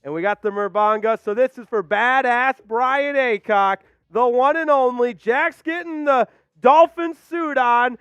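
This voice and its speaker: A man hosting a live stream, calling football play-by-play and shouting out viewers with loud hype. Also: extremely high pitch, measured pace, clear, resonant tone, no room sound, lo-fi sound. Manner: hyped, shouting shout-outs. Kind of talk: excited watch-along play-by-play.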